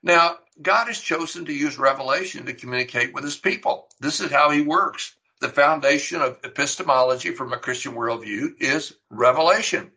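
A man's voice: fairly high pitch, moderate pace, gravelly, few pauses, bright, forceful tone, rough recording. A middle-aged man preaching a sermon, teaching earnestly and emphatically, with rhetorical questions. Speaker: pastor.

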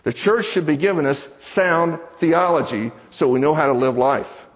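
A man's voice: on the high side, lively intonation, moderate pace. A man preaching a sermon in a church, telling a story in a folksy, conversational way, with joking asides to the congregation. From American South. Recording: dull sound with long hall reverb.

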